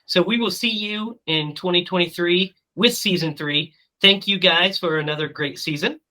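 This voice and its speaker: A podcast host on a remote call closes out the season in a relaxed way. The voice is bright and a little sharp, and the talk is loose and full of fillers. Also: medium pitch, normal speed, rough recording. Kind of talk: casual show sign-off. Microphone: remote call mic.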